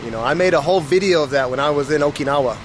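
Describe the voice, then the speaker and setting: An American man chatting as he films his travels, thinking aloud with fillers, a bit hoarse. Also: fairly high pitch, racing. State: losing his voice. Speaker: travel vlogger. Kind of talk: casual travel vlog narration. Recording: noisy outdoor street sound.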